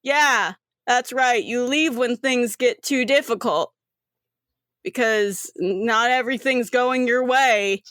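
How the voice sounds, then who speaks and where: A woman's voice: a little high, slow, a bit bright, no echo, clean studio sound. Woman doing a blunt, scolding young mutant guy. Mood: accusing. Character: brash young male mutant, confrontational.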